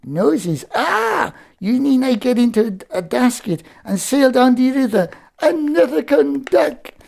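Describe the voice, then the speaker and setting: A man's voice: very high-pitched, very animated, unhurried, vocal fry, darkish tone, voice pushed up, full character voice. A man voicing a cheeky, sheepish male puppet in a children's puppet show, whiny and melodramatic. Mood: eager.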